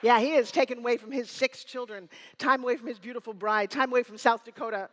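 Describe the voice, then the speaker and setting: A woman in her fifties giving a live motivational keynote on stage, energetic and teasing, rallying the crowd with call-and-response. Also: fairly high pitch, quick pace. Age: 50s. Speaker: motivational speaker. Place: stage before a live audience in a hall. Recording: room reverb.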